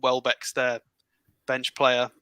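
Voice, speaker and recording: Brief: male stats analyst, careful and halting, bright sharp tone. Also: medium pitch, completely flat delivery, clean tone, poor audio. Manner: careful and halting, many fillers. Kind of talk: casual football analysis chat.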